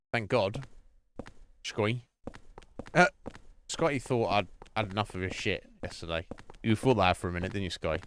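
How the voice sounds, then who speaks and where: A man's voice: lowish voice, lively intonation, normal speed, pauses often, a bit bright, soft background music. A man streaming a horror game, chatting casually, rambling and swearing often as he laughs at himself. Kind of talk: casual live gameplay chat.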